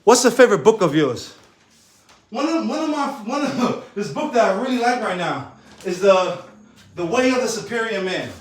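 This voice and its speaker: Young New guy, high voice, animated motivational chat with plenty of laughs. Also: normal speed. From New York. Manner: animated, laughs often, slangy. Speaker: fitness coach and streamer. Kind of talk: casual motivational talk. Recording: echoey room.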